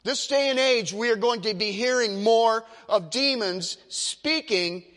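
A man's voice: very high-pitched, measured pace, a bit bright, big-room sound. A male pastor preaching a sermon with emphatic, dramatic storytelling.

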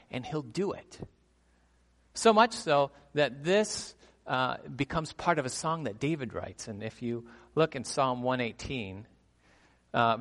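A man delivers an animated sermon from the pulpit, pitched at a middling level for a man. He drops quick rhetorical asides and coaxes his congregation to repeat words back. A long reverb from the large hall trails his voice. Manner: animated, with rhetorical "right?" asides and crowd prompts. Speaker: pastor. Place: church sanctuary.

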